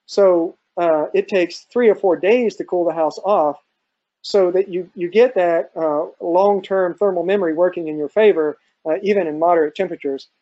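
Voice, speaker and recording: Guy answering questions on a video call, thoughtful, lots of ums, higher voice but mellow. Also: moderate pace, lo-fi sound. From central Virginia. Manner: thoughtful, hesitant, many fillers and restarts. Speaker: guest speaker on off-grid farming. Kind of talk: conversational answers in a live online talk.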